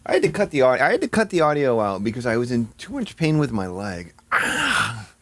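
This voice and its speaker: A man chatting casually on a live stream. He swears often, thinks aloud, mocks himself and jumps into high outbursts. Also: a little fast, slight background noise. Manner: excitable, swears a lot, sudden high-pitched outbursts; self-mocking, thinking aloud.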